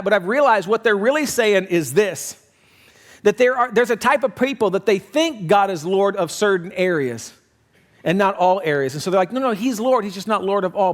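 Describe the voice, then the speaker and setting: A man delivers a sermon with a fairly high voice. He preaches in an animated, conversational way, acting out quoted voices and swinging between loud emphasis and quiet, low lines. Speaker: pastor.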